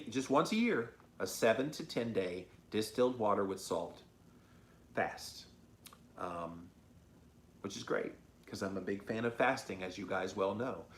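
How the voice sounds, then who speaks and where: A man with a lowish voice hosts a casual livestream, reading viewer comments aloud and answering them. He talks in an upbeat, chatty way, dotted with ums. The room echoes around him with a faint hiss. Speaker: host of a diet livestream. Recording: roomy echo.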